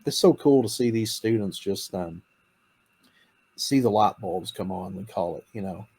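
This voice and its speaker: Enthusiastic low-voiced man, laughs often. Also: animated, normal speed, creaky, darkish tone, breathy edge. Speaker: campus missionary. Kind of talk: casual interview talk.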